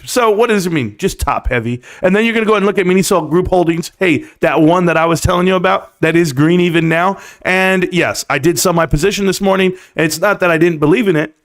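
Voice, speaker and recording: A man hosting a live stream, talking casually and emphatically about the stock market and telling quick stories. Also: high-pitched. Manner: chatty, storytelling, emphatic.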